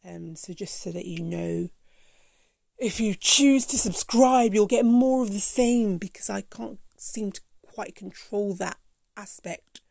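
Woman podcast host, excitable, accent-shifting, gravelly, dry close sound. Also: a little high, no echo. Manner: animated, calls listeners baby and honey. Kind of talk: solo podcast talk.

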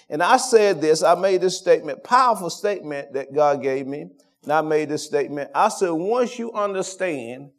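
A man's voice: fairly high pitch, a little mellow. A man preaching a sermon as senior pastor, with call-and-response lines that build to fervent peaks.

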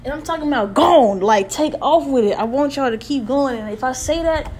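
A woman's voice: high-pitched, lively intonation, a little fast, a little mellow, husky. A woman hosting a podcast, delivering a motivational monologue with emphatic, repetitive, preacher-like exhortation. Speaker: podcast host.

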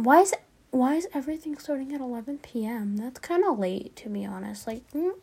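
A woman talks through a video game in a loose, chatty way. Her voice sits high and moves around a lot. She reads dialogue aloud and reacts quickly. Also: expressive, darkish tone, breathy edge. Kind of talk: gameplay commentary.

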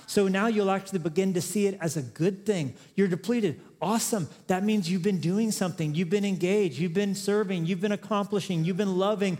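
A man's voice: high voice, a little fast, hardly any pauses, darkish tone. A male pastor preaching a sermon, chatty and joking at times, then building to emphatic, rising exhortations. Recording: long reverb of a large hall.

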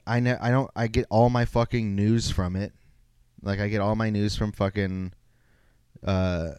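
Solo podcast host, young man: low smooth voice, rambling and foul-mouthed, self-mocking. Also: a little mellow, no echo. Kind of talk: solo casual podcast rant.

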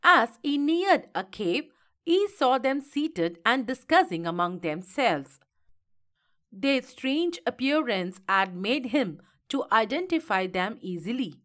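A woman reading a fairy tale aloud in a slow, expressive storytelling manner. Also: fairly high pitch.

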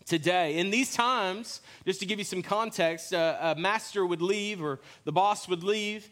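A man, preaching a sermon in a church in a relaxed, joking storytelling way. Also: sits high, a little slow. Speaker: pastor. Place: church sanctuary.

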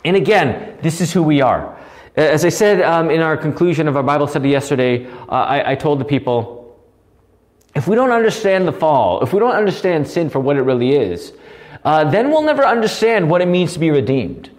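A man with a fairly high voice preaches a catechism lesson with real passion. He swings from loud, emphatic declarations down to quiet asides, talking to a recording rather than a crowd. The delivery is earnest and insistent throughout. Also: sing-song, a little fast. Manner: passionate, rising to near yelling, then dropping to quiet asides. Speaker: pastor teaching catechism. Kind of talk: recorded live Bible study sermon. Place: alone, recorded live without audience.

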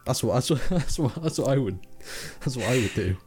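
Rambling, animated young man. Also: medium pitch, a little fast, slightly rough, soft background music. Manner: rambling, animated, swears freely, mimics people. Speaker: podcast co-host. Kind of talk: casual chat.

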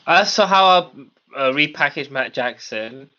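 A man's voice: mid-range voice, animated, unhurried, sharp tone. A man in a casual podcast chat, matter-of-fact and opinionated. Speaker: podcast co-host. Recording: dull lo-fi recording.

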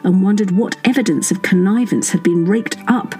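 A woman's voice: medium pitch, moderate pace, warm tone, faint music behind, low-quality recording. A woman narrating a satirical serial story in a wry, dry manner, voicing the dialogue herself.

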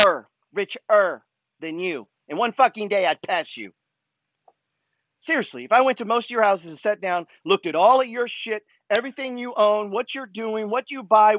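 Dull audio with no room sound captures a man's high-pitched, slightly bright voice. As host of a money talk show, he reads follower emails and rants in a pushy, fired-up way, cursing nonstop in a profane motivational tirade.

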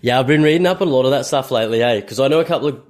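A man's voice: medium pitch, rapid-fire, a little mellow. Rambling, profane podcast host, man. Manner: rambling, profane, thinks aloud. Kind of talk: casual chat.

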